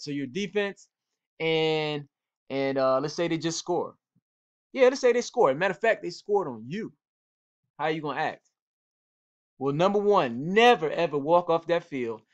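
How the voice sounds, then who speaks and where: A man's voice: on the high side, fairly bright tone, dull audio. A football coach giving casual instruction to young players, talking directly to them and repeating his points the way a coach urges a team. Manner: direct, repetitive, coach-like urging. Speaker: football coach and cornerback trainer.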